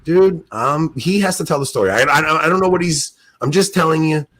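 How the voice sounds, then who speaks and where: A man co-hosting a podcast, telling stories in an excited, animated way and laughing often. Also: a little high, a little fast. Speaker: podcast co-host. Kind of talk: casual podcast chat.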